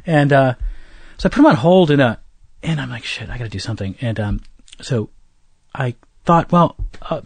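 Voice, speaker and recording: Man, podcast guest, storytelling, lively pitch, dry close sound. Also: moderate pace, vocal fry, pauses often, no room sound. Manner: animated anecdotes with frequent restarts. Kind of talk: casual storytelling interview.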